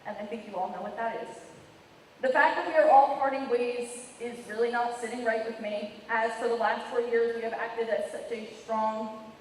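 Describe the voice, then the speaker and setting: A woman's voice: on the high side, steady tone, moderate pace, slight background noise. A teenage girl, senior class president, giving a graduation speech, emotional and apologetic, laughing through tears. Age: teens. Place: large hall. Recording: echoey hall from far off.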